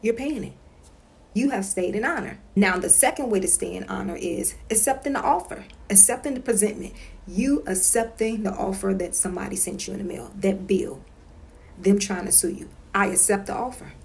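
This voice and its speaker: A woman's voice: medium pitch, normal speed, vocal fry, a little mellow. A woman talking straight to her viewers in a casual home vlog. She is emphatic and repeats herself, and she keeps checking in with "okay?". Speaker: consumer-rights vlogger. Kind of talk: casual instructional monologue.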